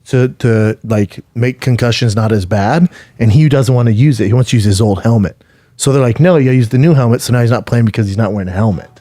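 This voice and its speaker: A man co-hosting a podcast in casual chat, telling animated stories and swearing freely. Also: on the low side, brisk, no echo, studio quality. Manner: animated storytelling, acts out quotes, swears freely. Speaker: podcast co-host.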